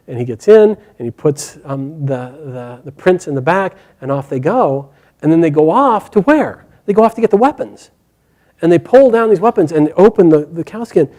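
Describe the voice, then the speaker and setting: A man retelling an epic story aloud in a lively, animated way, with casual fillers. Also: on the high side, fairly quick. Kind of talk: oral storytelling.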